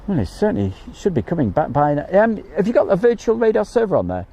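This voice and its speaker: A man's voice: high-pitched, huge pitch swings, quick pace, creaky, dark tone. A man hosting a casual livestream outdoors by an airfield, chatting, reading out viewer comments and laughing easily. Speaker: livestream host.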